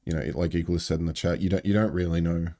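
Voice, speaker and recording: A man with a very low, mellow voice chats casually. He speaks haltingly and thoughtfully, pausing often around fillers as he works through an idea. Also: steady tone. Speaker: podcast co-host. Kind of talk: casual chat.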